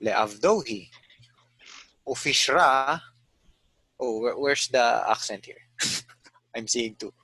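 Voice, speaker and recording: A man with a bright, husky voice sounds out unfamiliar words at a very slow pace, trying them again after each correction. The sound is dry and close, with no room echo. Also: medium pitch. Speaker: student. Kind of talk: reading aloud in a language lesson.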